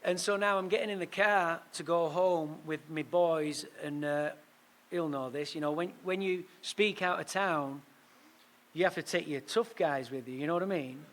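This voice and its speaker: High-voiced man telling a recovery story. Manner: animated, punchy storytelling with quick asides. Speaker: speaker at a recovery meeting. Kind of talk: storytelling talk.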